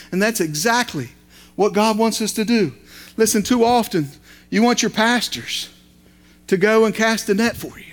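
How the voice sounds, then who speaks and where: A man, a lay preacher, delivering a sermon with folksy asides and repeated, building phrases. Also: high voice.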